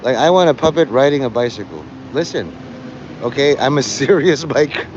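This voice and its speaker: Livestreaming outdoors on a rainy city street, a man with a mid-range voice rambles and jokes, acting out quick voices and laughing often. The recording is muffled, with a noisy background.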